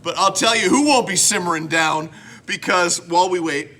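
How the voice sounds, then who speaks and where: A man's voice: high voice, normal speed, bright, forceful tone. A man from Canada hosting a casual home vlog, rambling and joking at his own expense. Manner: rambling, self-mocking, jokey. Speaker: host.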